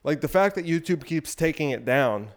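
A man's voice: on the high side, lively intonation, moderate pace. Breathless man rambling on his podcast. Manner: rambling, provocative, irreverent. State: out of breath while exercising. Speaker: podcast host. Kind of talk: solo podcast monologue.

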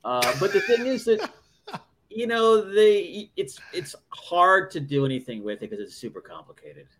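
A man with a rather high voice that swings widely in pitch, chatting on a podcast. He rambles and thinks aloud, filling the gaps with fillers. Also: big pitch swings, a little slow, a bit bright, a little hiss or hum. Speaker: podcast co-host. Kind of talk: casual chat.

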